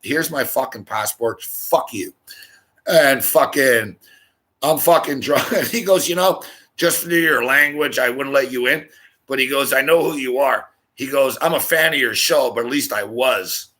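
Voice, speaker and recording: Brief: middle-aged Canadian male host, bright forceful voice, profane storytelling rant. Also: mid-range voice, moderate pace. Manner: animated, swears constantly, laughs mid-story.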